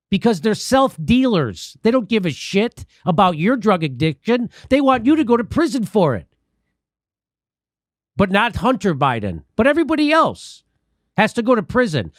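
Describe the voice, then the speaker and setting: A man's voice: high voice, dry recording, studio quality. A man hosting a political comedy commentary show, ranting with heavy profanity and laughing often. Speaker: show host.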